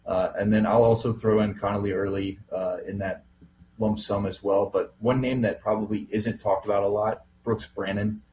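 Low-voiced easygoing man, muffled. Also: steady tone, moderate pace, noisy background. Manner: easygoing, rambling with fillers. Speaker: minor league baseball broadcaster, podcast guest. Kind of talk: casual podcast chat.

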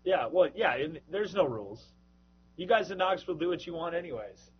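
A man chatting casually on a podcast as a regular host, joking and lively. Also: fairly high pitch, brisk, highs cut off, slight background noise. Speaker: minor league baseball broadcaster, podcast host.

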